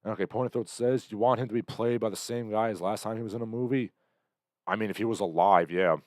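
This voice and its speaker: Low-voiced sardonic man live-streaming. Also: fast, dry recording, studio quality. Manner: rambling, sardonic, bursts into loud impressions. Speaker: livestream host. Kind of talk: casual commentary reading chat comments.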